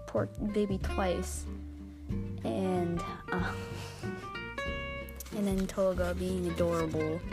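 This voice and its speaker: A young woman casually rambling through a manga review with lots of fillers and giggles. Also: mid-range voice. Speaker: vlogger. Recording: guitar music playing behind voice.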